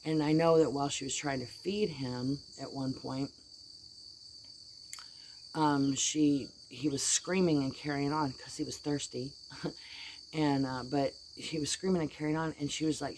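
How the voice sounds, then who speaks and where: Low-voiced middle-aged woman venting. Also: fairly even intonation, normal speed, a little mellow, a little hiss or hum. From United States. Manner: blunt, heated, folksy storytelling. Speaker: vlogger. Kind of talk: casual venting vlog.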